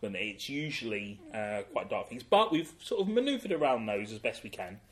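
A man's voice: fairly low pitch, big pitch swings, normal speed. A man cohosting a casual comedic chat show, self-deprecating and laughing through his own stories. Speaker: podcast co-host.

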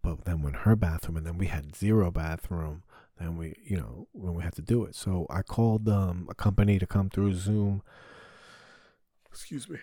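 A man with a low, mellow voice rambles through a crude, profanity-laced story. The recording is dry and close, made in his home basement as a casual comic podcast monologue. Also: normal speed, no echo. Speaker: podcast host.

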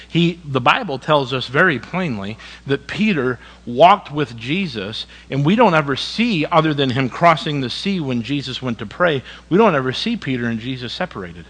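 A man's voice: medium pitch, expressive, moderate pace, a bit bright, husky, big-room sound, low-quality recording. A man preaching a sermon in a church, with emphatic repetition and direct questions to the congregation. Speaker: pastor.

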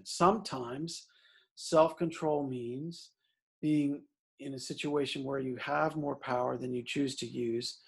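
Husky-voiced man preaching conversationally. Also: medium pitch, fairly even intonation, slow. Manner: conversational, frequent "right?" asides, emphatic on scripture. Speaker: priest preaching. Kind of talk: sermon.

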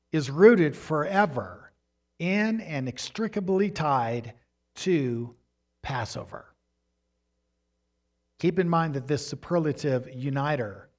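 A man preaching a sermon with emphatic delivery, swinging up and down in pitch and loudness, and referring to slides as he teaches. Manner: emphatic preaching, rising and falling in pitch and volume. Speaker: pastor.

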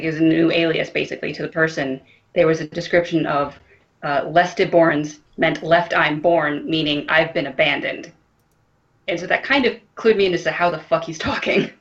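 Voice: mid-range voice, fairly bright tone, dull audio. A podcast co-host chatting casually, skeptical and careful when explaining things. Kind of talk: casual chat.

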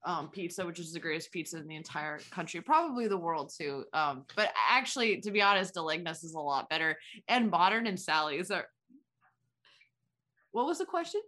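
Woman from connecticut, bright voice, giggly, rambling, jokey co-host. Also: fairly low pitch, big pitch swings, a little fast. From Connecticut, USA. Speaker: podcast co-host. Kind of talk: casual chat.

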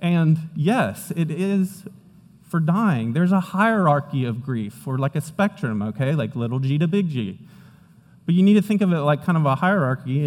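A young adult man, a pastor, preaching and praying in a relaxed, conversational way, telling stories with lively acted-out moments. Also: medium pitch. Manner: conversational storytelling preacher, animated retellings. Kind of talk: sermon. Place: church hall. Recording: long hall reverb.

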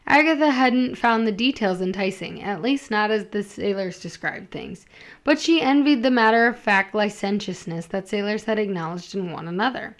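A woman's voice: mid-range voice, moderate pace. A woman reading a romance story aloud, amused, with small slips and restarts as she goes. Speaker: story reader and co-host.

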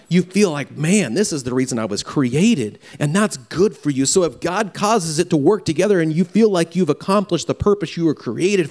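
A man preaching a farewell sermon in an earnest, halting way, often repeating words as he speaks. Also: fairly high pitch, darkish tone. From Louisiana. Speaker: pastor.

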